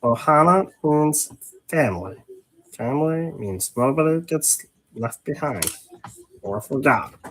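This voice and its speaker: A gravelly little blue alien creature from a cartoon, croaky and husky, as a man puts him on. He forces every word out through a rough throat. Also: on the high side, expressive, a little slow, pauses often, fairly bright tone, poor audio. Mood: earnest.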